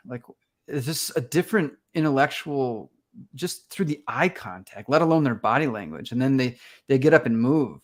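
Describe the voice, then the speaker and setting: At normal speed and medium pitch, a male conservation photographer tells stories casually during an interview. He's lively in the telling, performing his own reactions along the way.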